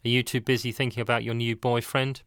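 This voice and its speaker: A man's voice: medium pitch, little pitch movement, fast talker, fairly bright tone, clean tone, dry recording, studio quality, close to an everyday voice. A man voicing a jealous, possessive young man in a read-aloud story, swinging between pleading and fury.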